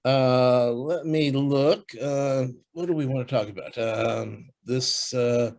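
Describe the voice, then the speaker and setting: Halting man chatting on a podcast. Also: medium pitch, darkish tone. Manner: halting, many restarts and fillers. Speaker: podcast co-host. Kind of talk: casual chat.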